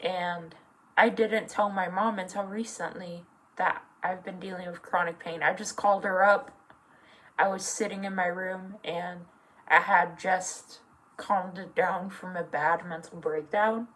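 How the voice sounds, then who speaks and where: In a personal vlog, a young adult woman with a lowish, slightly bright voice speaks slowly and haltingly, her intonation fairly even. She comes across as earnest, using lots of fillers, and her emotion sometimes brings her close to tears. The audio quality is poor.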